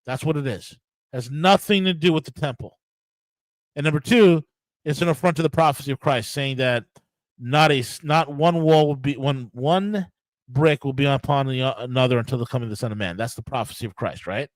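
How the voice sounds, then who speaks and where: This is a solo political rant from a US podcast host, mid-range in pitch and fairly quick, angry and full of profanity. Frequent restarts and emphatic repetition mark his speech, captured in a rough recording with no room sound.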